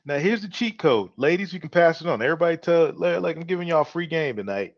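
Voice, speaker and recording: A man with a drawl hosts his own opinion show, talking to his listeners in a loose, swaggering way. His voice sits a little high for a man. The recording is dry and dull, like a cheap home mic. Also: lively intonation, quick pace, dry recording. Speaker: podcast host. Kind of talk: casual opinion talk.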